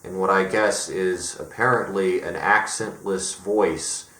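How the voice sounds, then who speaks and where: A man from Colorado talks through his thoughts in a wry, musing vlog voice, with plenty of run-on asides. His voice sits a little low, and the room around him rings with echo. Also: takes it slowly, sharp tone. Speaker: vlogger. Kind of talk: casual commentary.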